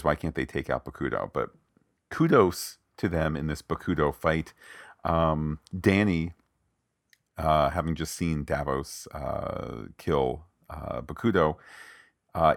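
A man with a very low, deep voice walks through an episode's scenes in a casual recap. He is wry and digressive, dropping in quoted lines as he goes. His voice sits close and dry, with no room around it. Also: unhurried, vocal fry, no room sound. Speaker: podcast co-host.

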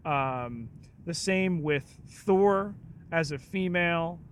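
A man's voice: on the high side, slow pace, a little hiss or hum. A man co-hosting a podcast in casual chat, hesitant and full of dry, sarcastic humor. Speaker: podcast co-host.

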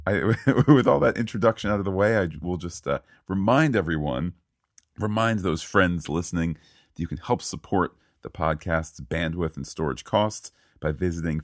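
Low-voiced bantering podcast host, man. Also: no room sound, studio quality. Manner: playful, bantering, leads the show. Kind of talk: casual podcast chat.

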